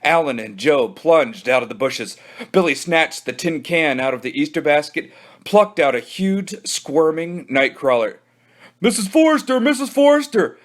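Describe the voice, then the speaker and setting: Librarian man reading a kids' book aloud, animated, fairly high voice. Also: a little slow. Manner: animated storytelling. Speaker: children's librarian.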